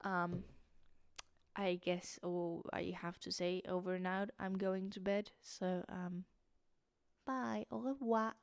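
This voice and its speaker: A sleepy young woman rambles through a late-night livestream in British-tinged English, stopping and restarting her sentences. Her voice is smooth and clear. The sound is dry and close, with no room echo. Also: lowish voice, completely flat delivery, takes it slowly. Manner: rambling, restarts, many fillers. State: sleepy, tired. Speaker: streamer.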